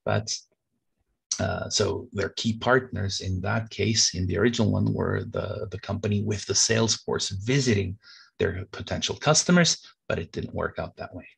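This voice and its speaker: A man's voice: lowish voice, moderate pace, gravelly, husky. A man giving a business lecture in an explanatory way, with frequent fillers. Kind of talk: recorded lecture.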